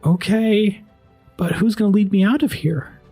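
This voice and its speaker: A man's voice: medium pitch, lively intonation, darkish tone, soft background music. A man playing a wary, exasperated townsman. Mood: alarmed. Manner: halting, exasperated. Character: wary grumbling human man, a father.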